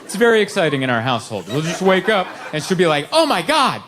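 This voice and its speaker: A man performing a stand-up comedy set on a club stage, telling stories animatedly and putting on high voices for his wife. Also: very animated, quick pace, a bit bright. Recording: live club recording with crowd noise.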